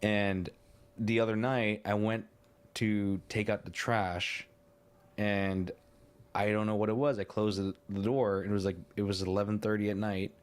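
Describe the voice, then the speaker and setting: Male podcast host, lowish pitch, loose rambling storyteller who cusses casually. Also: flat delivery, measured pace, clean tone. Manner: rambling, swears freely, laughs often. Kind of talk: casual chat.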